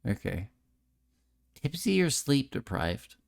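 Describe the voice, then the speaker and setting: A man's voice: medium pitch, very animated, slow, vocal fry. A man chatting casually with his viewers on a live stream, sounding tipsy and a bit nasal, with a slight lisp, rambling and self-deprecating, close to a desk mic. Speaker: streamer and voice actor. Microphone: close desk microphone.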